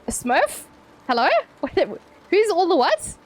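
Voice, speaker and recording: High-voiced, playful woman streamer. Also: very animated, slow. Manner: playful, chatty, swears freely, laughs often. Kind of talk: casual live-stream chat with viewers.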